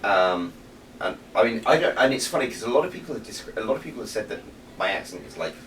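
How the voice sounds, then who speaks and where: A man's voice: on the low side, fast talker. A man from England with a received pronunciation accent, chatting casually and swearing now and then over beers. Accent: English, received pronunciation. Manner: chatty, swears casually, animated when storytelling. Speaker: podcast co-host. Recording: echoey room, mic at a distance, faint background noise.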